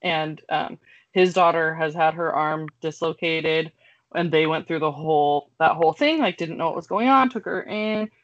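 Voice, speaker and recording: Woman host, medium pitch, chatty and supportive, dry lo-fi recording. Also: moderate pace, no room sound. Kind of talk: casual chat. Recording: dry, dull lo-fi sound.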